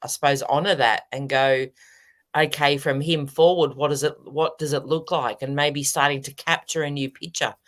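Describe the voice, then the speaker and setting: An Australian woman, a medium co-hosting a casual live stream, talking in a relaxed, halting way. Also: low voice. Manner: laid-back, halting, laughs often. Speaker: medium, co-host.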